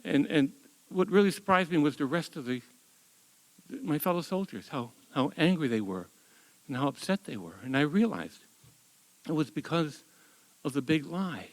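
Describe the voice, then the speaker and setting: Older guy, 70s, tells stories on stage, lively up-and-down voice, slightly high, wry, keeps repeating words. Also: normal speed, pauses often, long reverb tail, low-quality recording. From United States. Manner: animated, wry, with frequent word repeats. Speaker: storyteller. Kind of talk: live story slam storytelling. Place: stage at a live storytelling event.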